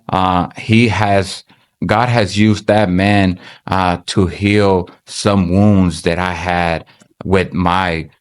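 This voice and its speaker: A man giving an earnest, halting personal faith testimony as a church member, often restarting his sentences. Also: sits low.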